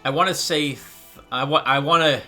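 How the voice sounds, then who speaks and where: A man's voice: a little high, brisk, pushed and bright, faint music behind. A man narrating and commenting on a story game he plays, thinking aloud casually. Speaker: let's play host. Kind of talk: let's play commentary and narration.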